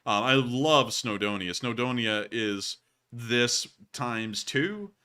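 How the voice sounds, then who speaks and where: A man's voice: mid-range voice, expressive, takes it slowly, bright, forceful tone, smooth. A man hosting a live stream, answering viewer messages in loose, rambling casual talk full of fillers. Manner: rambling, filler-heavy, repeated sign-offs. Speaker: host.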